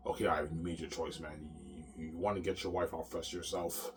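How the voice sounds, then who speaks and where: A man's voice: rumbling low, little pitch movement, fairly quick, soft background music. A man doing a cold, menacing gatekeeper. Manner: cold, threatening. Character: menacing male gatekeeper issuing threats.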